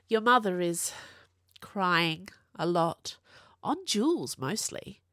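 A woman's voice: on the low side, expressive, slow pace, fairly bright tone, no echo, clean studio sound. A woman voicing a brash, teasing young witch. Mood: lively. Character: brash young witch, sharp-tongued, fiercely loyal.

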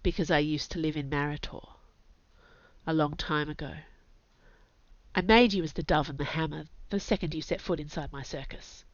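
A woman reading the part of a guarded, flat-spoken circus boss in an audiobook. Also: a little high, normal speed, no room sound, natural voice. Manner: flat, terse. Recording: dull lo-fi dry recording.

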